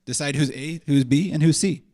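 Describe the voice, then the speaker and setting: A man hosting a live stage event, calling names and directing a game with energetic, joking instructions. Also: a little high, a little fast, no room sound, clean studio sound. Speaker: host. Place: convention stage before a live audience.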